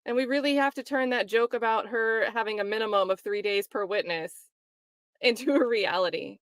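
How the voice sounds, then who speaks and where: A woman's voice: a little high, moderate pace, smooth, dry recording. Chatty woman streamer, dry close sound. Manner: chatty, laughs often, mocks quoted voices. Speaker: livestream host commenting on a trial. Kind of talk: casual livestream commentary reading chat.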